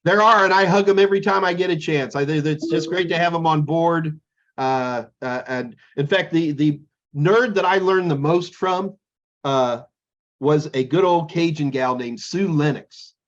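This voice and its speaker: A man's voice: fairly high pitch, moderate pace, lo-fi sound. A middle-aged man co-hosting a casual chat, rambling and joking as he tells stories. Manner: rambling, jokey, animated storytelling. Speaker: podcast co-host.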